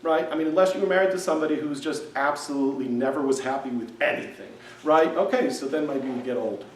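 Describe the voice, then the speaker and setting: A man's voice: a little high, quick pace. A man giving a casual lecture to a class, talking in a conversational way and often checking in with his listeners. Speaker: class teacher. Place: synagogue hall. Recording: echoey room, mic far off.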